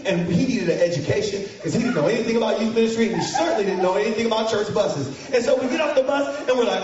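A man telling a funny story to an audience of students, animated and mocking, shouting for effect. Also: high-pitched, fast. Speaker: speaker to students. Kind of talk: comic storytelling to a live audience. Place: large hall with an audience. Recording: echoey hall from far off, muffled, crowd.

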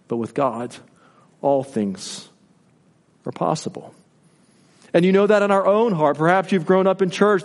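A man preaching a sermon in a church sanctuary, with a fairly high voice. He presses the congregation with rhetorical questions, dropping low and quiet, then climbing on key words. A long reverb from the hall trails each phrase. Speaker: pastor.

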